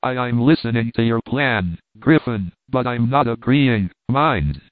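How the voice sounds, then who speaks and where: A man reading as a wary, reasoning gentleman. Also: medium pitch, animated, a little slow, dry recording, close to an everyday voice. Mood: guarded. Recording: dry phone-like audio.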